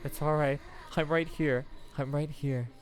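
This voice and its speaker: A gentle woman calming a frightened man, as a man puts her on. Soft, slow and steady reassurance over quiet music. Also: fairly high pitch, natural voice. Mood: soothing. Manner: soothing, gentle.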